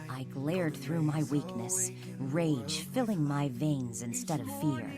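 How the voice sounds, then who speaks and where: Low-voiced woman reading a romance audiobook. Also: animated, slow pace, few pauses, loud music behind the voice. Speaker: audiobook narrator. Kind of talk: scripted first-person romance narration.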